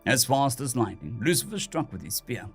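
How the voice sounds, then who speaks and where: A man narrating a story as an audiobook reader, in steady, animated storytelling. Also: medium pitch, normal speed, slightly rough. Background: soft music.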